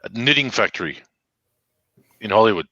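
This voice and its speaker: A man's voice: on the low side, expressive, moderate pace, pushed and bright, dry recording. A man with an Australian accent telling a casual, heavily sworn story on a podcast, acting out the back-and-forth of the people in it. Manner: profane, acts out quoted exchanges. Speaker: podcast guest. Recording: dull lo-fi dry sound.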